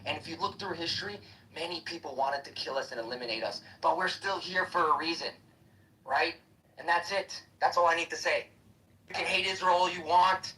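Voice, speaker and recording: A man fires off a quick, combative, profanity-laced rant, his voice bright and pushing hard. He sounds a little distant from the mic, with faint noise around him. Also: on the high side. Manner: aggressive, profane, combative ranting. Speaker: live-stream debater. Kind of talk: heated live-app debate rant.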